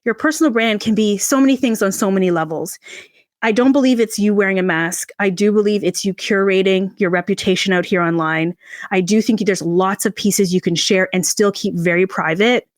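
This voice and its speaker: A woman talks as a podcast guest and tells her story with a lot of expression, acting out quoted lines. Her voice sits at a middle pitch. The sound is dry and close. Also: a little fast, dry recording. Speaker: podcast guest, personal brand coach. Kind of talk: animated storytelling in an interview.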